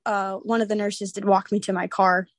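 A young woman in her twenties, a podcast guest, telling a personal story in an animated, casual way, acting out the voices of others and laughing often. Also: mid-range voice, moderate pace, no room sound.

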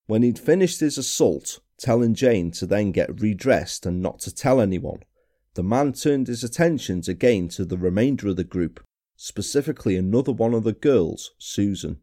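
A man hosting a podcast, telling a true-crime story in a measured, somber way. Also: mid-range voice, mellow. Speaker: podcast host. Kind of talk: scripted true-crime narration.

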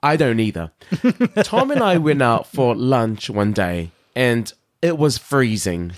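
A man co-hosting a casual podcast, telling stories with giggles and animated asides. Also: medium pitch, takes it slowly. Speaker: podcast co-host. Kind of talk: casual chat.

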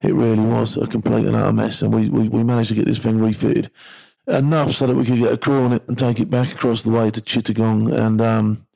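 A man's voice: on the low side, little pitch movement, fairly quick, creaky, mellow, rough recording. A middle-aged man, a former maritime security guard, tells a tense first-person story in a blunt, vivid way and swears casually.

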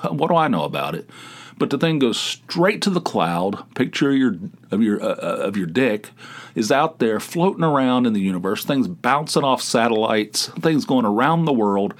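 A man's voice: mid-range voice, big pitch swings, normal speed. A man hosting a solo comedic podcast, telling rambling anecdotes in an incredulous way. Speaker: podcast host.

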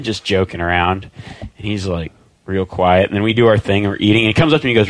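A man in casual podcast conversation, telling a hunting story with lively animation and acting out what others said. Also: low voice, quick pace. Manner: animated storyteller, acts out quoted voices. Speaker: podcast guest.

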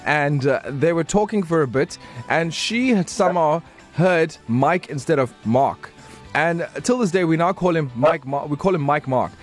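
A man's voice: on the high side, expressive, moderate pace, soft background music. A man hosting a call-in radio show, playful and teasing, laughing often. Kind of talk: casual call-in radio chat. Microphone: studio microphone.

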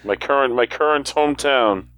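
A man co-hosting a casual podcast, wry and quick to laugh, stammering a bit when he argues. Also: mid-range voice, a bit bright, no room sound. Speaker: podcast co-host.

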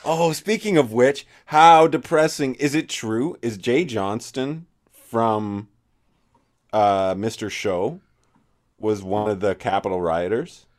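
A man's voice: mid-range voice, takes it slowly. A man co-hosting a podcast in casual chat, rambling and profane with many restarts. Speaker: podcast co-host.

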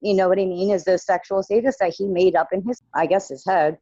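A woman talking through a painful personal experience as a guest, haltingly and with many fillers. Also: on the low side, fairly even intonation, dark tone, dry recording, muffled recording. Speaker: guest sharing her own experience. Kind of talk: emotional personal account in conversation.

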